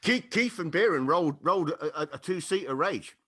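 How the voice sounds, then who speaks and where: Lively man telling a story. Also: on the high side, fairly quick, slight background noise. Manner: animated anecdote-telling with laughter and acted-out quotes. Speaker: podcast guest. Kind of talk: casual storytelling chat.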